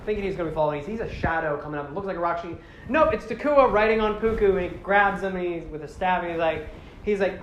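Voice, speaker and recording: A man casually recapping a story, rambling with lots of fillers and correcting himself as he goes. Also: a little high. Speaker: show host. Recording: roomy with faint background noise.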